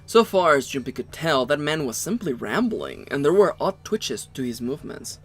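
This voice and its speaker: A man co-hosting a let's play, reading the game's narration aloud with quick joking asides. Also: a little high, big pitch swings, a little hiss or hum.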